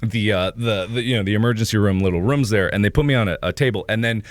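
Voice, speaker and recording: A young man from Ohio telling a rambling story on a livestream, full of fillers and acting out loud yelps. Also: on the low side, fast, no echo, clean studio sound. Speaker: streamer.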